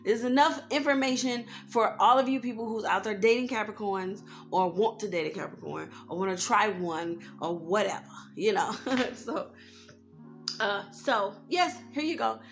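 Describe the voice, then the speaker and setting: A woman vlogger talking candidly in a casual advice vlog, growing loud and heated as she rants. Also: medium pitch, normal speed, lo-fi sound, faint music behind. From United States. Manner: candid, animated, rising to loud outbursts when ranting.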